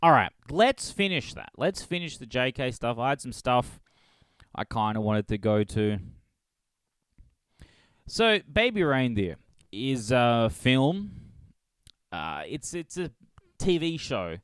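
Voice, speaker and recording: A man's voice: medium pitch, sing-song, takes it slowly, long pauses, fairly bright tone, clean tone, dry recording. A man hosting a solo comedy podcast, rambling and swearing as he laughs at his own jokes. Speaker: podcast host.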